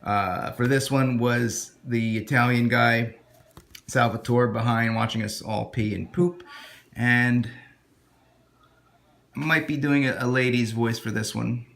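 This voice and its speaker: A man's voice: medium pitch, steady tone, unhurried, creaky, a bit bright. Male comic vlogger, loose and rambling, pokes fun at himself, phone-recorded. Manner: rambling, self-deprecating, many restarts. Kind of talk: casual vlog talk.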